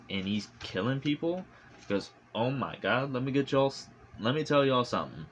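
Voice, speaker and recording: Man, casual movie review vlog, rambling and swearing, medium pitch, recorded on a phone, faint background noise. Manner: rambling and animated, heavy use of fillers and swearing.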